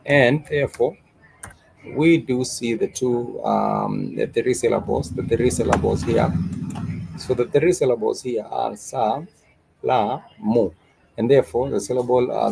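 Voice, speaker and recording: A man hosting a live stream, talking through news and then teaching a language lesson, with frequent filler "uh"s and slow, repetitive explanations. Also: lowish voice, vocal fry, darkish tone, low-quality recording. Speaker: host and Swahili teacher.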